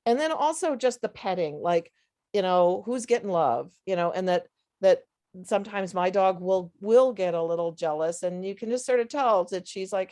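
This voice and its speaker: Halting woman sharing foster-dog tips. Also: medium pitch, a little mellow. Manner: hesitant, many fillers and restarts. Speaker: dog foster volunteer on a panel. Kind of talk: casual webinar panel talk.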